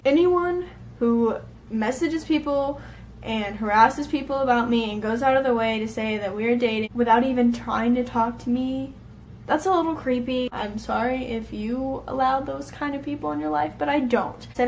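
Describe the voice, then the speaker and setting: A woman's voice: on the high side, normal speed, slight background noise. A woman vlogger telling a casual storytime in an exasperated, sarcastic and heavily profane manner.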